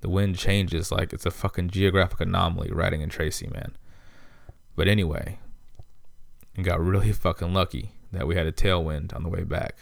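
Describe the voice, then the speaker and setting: A man's voice: sits low, vocal fry, no room sound. A man telling a rambling, heavily profane story in a casual podcast monologue, irritated and blunt. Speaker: podcast host.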